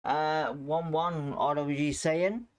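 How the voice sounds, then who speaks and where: A man hosting a live football watchalong who calls the play with excitable reactions and greets chat viewers by name between moments of the match. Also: on the high side, takes it slowly. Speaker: watchalong host.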